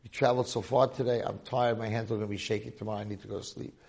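A man voices a cautious, stingy circumciser who keeps making excuses. The gravelly voice drops quiet and evasive. He sounds tired and careful. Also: lowish voice, fairly even intonation, very fast.

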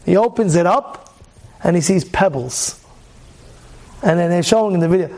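A man teaching an animated Torah lesson. He tells the story with energy, keeps repeating rhetorical questions to his listeners, and breaks into sudden loud outbursts. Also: sits high, brisk.

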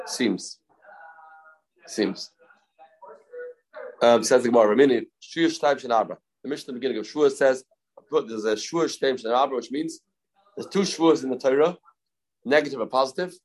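Man teaching Talmud step by step. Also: medium pitch. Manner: explains step by step, repeats key phrases. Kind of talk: daf yomi lecture.

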